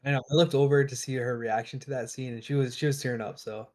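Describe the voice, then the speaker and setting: A man with a mid-range voice speaks calmly on a podcast panel. He gives his take in a measured way and often pauses to gather his thoughts. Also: mid-range voice. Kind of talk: casual podcast review chat.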